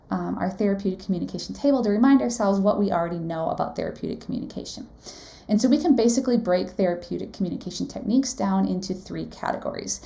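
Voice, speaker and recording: A woman's voice: mid-range voice, vocal fry, mellow. A woman leading a live online class as a nursing exam instructor, talking conversationally, often asking the audience questions and saying "right?". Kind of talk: live webinar teaching.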